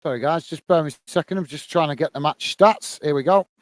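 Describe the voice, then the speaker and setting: A man's voice: fairly high pitch, a little fast, no echo. A man with a British accent hosting a football watch-along, calling the play and chatting with viewers by name, with frequent "uh" fillers. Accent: British English. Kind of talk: live football commentary and chat reading.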